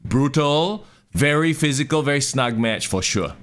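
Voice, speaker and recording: A man's voice: a little high, animated, measured pace, a bit bright. A young adult man co-hosting a wrestling podcast, steering the rundown and chiming in often with short agreements. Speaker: podcast co-host. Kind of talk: casual wrestling chat.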